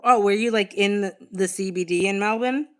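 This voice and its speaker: A chatty woman streamer from Boston, United States, speaks at normal speed in a clear, resonant mid-range voice. Hosting a casual livestream, she reads comments aloud, reacts to chat messages, and talks candidly with some casual swearing.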